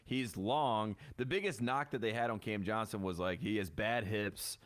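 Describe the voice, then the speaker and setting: A man's voice: fairly low pitch, normal speed, fairly bright tone. Chatty male sports podcast co-host. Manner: loose, chatty analysis with fillers. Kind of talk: casual sports chat.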